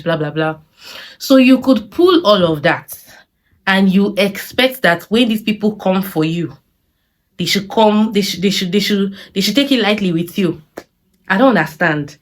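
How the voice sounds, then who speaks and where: Exasperated Nigerian woman ranting. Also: on the low side. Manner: animated, exasperated rhetorical questions; mixes in Pidgin phrases. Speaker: series reviewer. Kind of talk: casual opinionated review.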